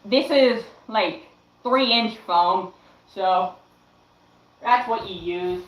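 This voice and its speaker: A young woman in her late teens chatting casually on a livestream, showing her craft work in a slow, hesitant way with lots of "um"s. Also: mid-range voice, roomy sound, a little hiss or hum, poor audio. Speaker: livestreamer and fursuit maker.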